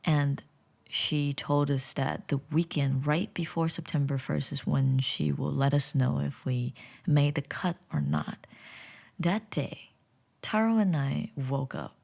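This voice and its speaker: A woman's voice: deep voice, slow pace, vocal fry. A woman vlogger telling a personal story in a casual, chatty way, sometimes dropping to a whisper. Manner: chatty, animated, drops to whispers.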